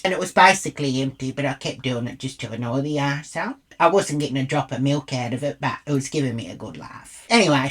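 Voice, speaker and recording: With a rumbling low voice and a breathy edge, an Australian vlogger rambles through a storytime monologue. She's crude and blunt, swearing all the way through.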